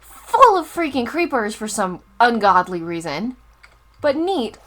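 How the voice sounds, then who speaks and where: A woman's voice: a little high, sing-song, unhurried, faint music behind. A young woman casually commenting on her gameplay as a Let's Play host, chatty and easily distracted. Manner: chatty, easily distracted, loud startled outbursts.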